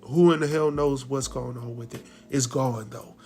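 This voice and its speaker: A man's voice: medium pitch, fairly even intonation, moderate pace, warm tone, faint music behind. A man casually retelling a TV episode, slipping into the characters' lines as he goes. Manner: laid-back storytelling, acts out characters' lines. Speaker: recap host.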